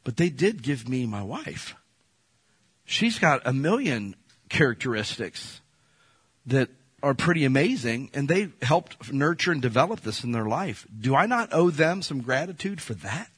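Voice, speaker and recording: A middle-aged man preaching a sermon in church, talking in a conversational way that swings from loud to soft. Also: mid-range voice, big pitch swings, a little slow, breathy edge. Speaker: pastor.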